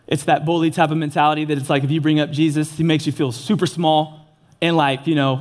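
A man's voice: on the high side, quick pace. A young man giving an earnest, casual sermon, mixing slang into his preaching. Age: young adult.

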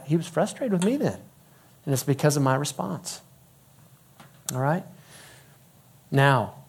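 A middle-aged man preaching a sermon in a conversational, emphatic way, dropping to a hush when he quotes people. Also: medium pitch. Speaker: pastor.

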